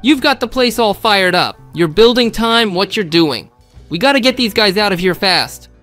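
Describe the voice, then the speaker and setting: A man giving excitable gameplay commentary, often shouting exclamations to his viewers. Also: high-pitched, normal speed, soft background music. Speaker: gameplay video host.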